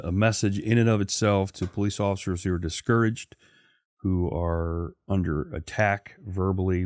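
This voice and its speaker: A man hosting an interview podcast, a retired police officer, speaking in an earnest, measured way. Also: deep voice, darkish tone, dry recording, clean studio sound. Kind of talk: interview talk.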